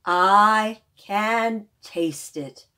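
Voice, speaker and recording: A woman voicing a big male lion who speaks in a slow, loud purr, reading a picture book aloud. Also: mid-range voice. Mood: calm. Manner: slow, loud purring speech.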